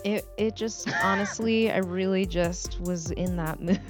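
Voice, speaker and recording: A woman's voice: medium pitch, steady tone, unhurried, music in the background. A woman in her twenties co-hosting a podcast, telling a sheepish story in casual chat. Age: 20s. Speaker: podcast co-host.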